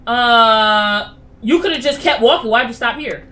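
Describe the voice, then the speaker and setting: A woman's voice: fairly high pitch, measured pace, bright, forceful tone. A woman game streamer giving playful, slangy let's play commentary.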